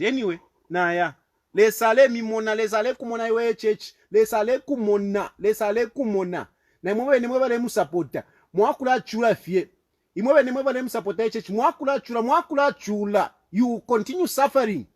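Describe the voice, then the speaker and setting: A man's voice: high voice, a little fast. A man with a Zambian accent delivering an impassioned, repetitive political rant, accusing and fervent. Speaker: political commentator.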